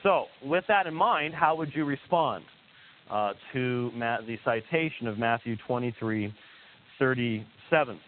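A man's voice: medium pitch, expressive, measured pace. A man giving a teaching lecture, emphatic and hesitant in turns, with frequent "uh" fillers and points repeated for weight. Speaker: theology lecturer. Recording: tinny lo-fi recording with faint hiss.

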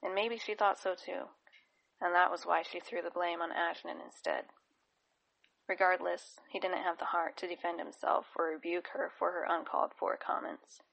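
A woman narrating a fantasy novel in a steady, even storytelling manner. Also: lowish voice, moderate pace, creaky, poor audio. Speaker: audiobook narrator. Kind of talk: scripted narration.

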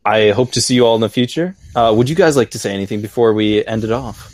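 A man's voice: on the low side, fast, darkish tone. A man hosting a podcast, chatting in a rambling, upbeat way with lots of "like"s. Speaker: podcast host. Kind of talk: casual chat.

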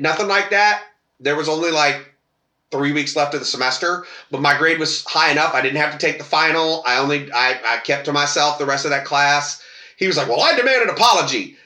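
A man's voice: a little high, moderate pace, bright, forceful tone, echoey room. A man on a casual podcast telling a long personal story, acting out quoted voices and swearing freely. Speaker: podcast co-host.

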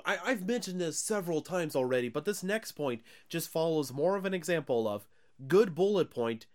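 Man, podcast co-host, expressive pitch, casual chat, recapping scenes. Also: normal speed. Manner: animated, laughing, recapping scenes. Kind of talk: casual chat, movie review.

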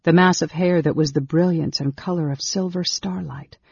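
A man reading a fantasy novel aloud as an audiobook narrator, in a measured, dramatic way. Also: on the high side, steady tone, vocal fry, slightly rough, no room sound. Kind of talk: scripted narration. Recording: dull lo-fi recording.

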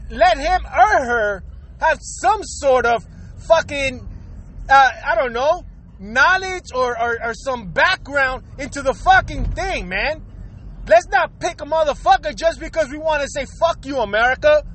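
A man's voice: very high-pitched, fairly bright tone, a little hiss or hum, low-quality recording. An angry man in a profane, streetwise political rant, cursing hard and talking straight to the viewer.

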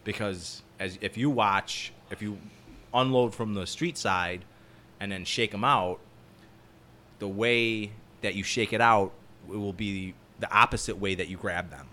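A construction foreman with a fairly low voice tells rambling, profane stories in casual chat, speaking at a measured pace. He's an animated storyteller.

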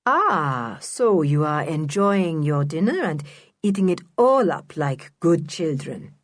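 A woman reading a storybook, voicing a smiling, condescending middle-aged man who talks down to children, in a slightly lower, husky voice. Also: big pitch swings, slow, dry recording, clean studio sound, exaggerated voice. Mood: patronizing. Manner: patronizing, talks to children as if very small.

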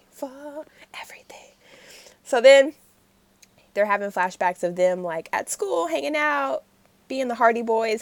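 A woman's voice: on the high side, no room sound. A woman casually recapping a story, acting out the characters' lines with lots of laughter. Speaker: podcast co-host recapping a series. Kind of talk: casual chat.

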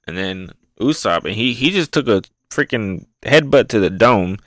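A man hosting a casual, excitable, rambling review show, often repeating words as he talks. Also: lowish voice, moderate pace, dry recording. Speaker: podcast host reviewing manga. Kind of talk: casual chat.

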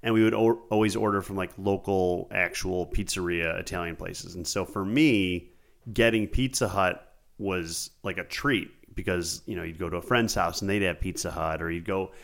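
Deep-voiced rambling storyteller man. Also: moderate pace, creaky, fairly bright tone. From Buffalo, New York. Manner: rambling storyteller, many "like" fillers. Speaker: podcast co-host. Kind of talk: casual chat.

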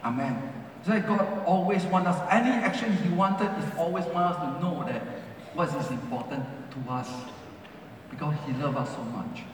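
A male pastor preaches in a high, ringing voice, leaning on repeated phrases that rise and fall. His English has non-native grammar. He is heard from a distance in a large, very echoey church hall. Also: lively intonation, normal speed, a little hiss or hum. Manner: rising and falling emphasis, repeats phrases. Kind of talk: sermon.

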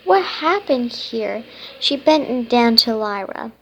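A woman voicing a young female candy fairy in a storybook reading, halting and stumbling over her lines. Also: fairly high pitch, gravelly, a little hiss or hum. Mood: worried.

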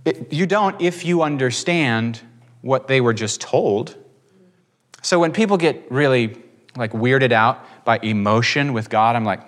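A man who preaches, telling a lively testimony in conversation and acting out the quotes. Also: medium pitch. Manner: animated, acts out quotes, quick bursts. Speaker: preacher and guest. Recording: reverberant room.

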